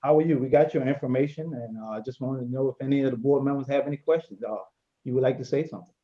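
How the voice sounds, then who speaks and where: A man running part of a county board meeting, talking loosely with many fillers. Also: medium pitch. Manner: quick, loose, filler-heavy. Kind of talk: public meeting discussion. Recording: dull lo-fi audio from off-mic.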